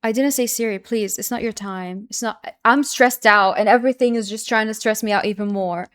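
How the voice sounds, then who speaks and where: Streaming a chess game, this young woman frets aloud as she plays, then chats her way through a review afterward. She speaks fairly quickly in a fairly high, clear, resonant voice, repeating herself when stressed and bursting into loud excited shouts.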